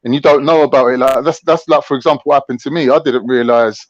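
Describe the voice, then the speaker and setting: A man's voice: mid-range voice, steady tone, fast talker, no echo, highs cut off. A man talking in heated, boastful, slang-heavy banter on a casual show. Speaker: show regular.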